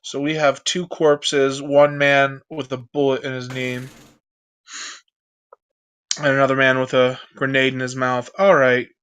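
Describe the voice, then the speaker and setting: A man playing a tabletop role-play game, brisk and businesslike, giving orders to others. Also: mid-range voice, flat delivery, fairly bright tone, smooth. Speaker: player.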